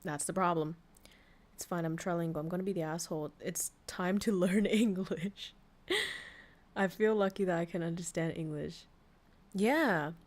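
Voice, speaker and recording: A young woman from Vietnam, a VTuber streamer chatting casually on a livestream, frank and quick to swear and laugh. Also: on the low side, a little mellow. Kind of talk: casual livestream chat reading posts.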